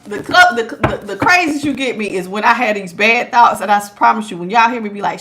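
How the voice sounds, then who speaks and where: A tarot reader does a live-streamed reading, talking straight to viewers in a lively, teasing way, laughing often and calling them child and honey. Her medium-pitched voice comes fast with few pauses over a noisy background.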